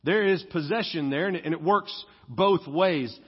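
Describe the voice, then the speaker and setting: High-voiced preacher in a reverberant hall. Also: male voice, breathy edge. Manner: conversational preaching, slows and stresses key words. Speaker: pastor. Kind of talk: sermon. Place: church sanctuary. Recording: dull sound with long hall reverb.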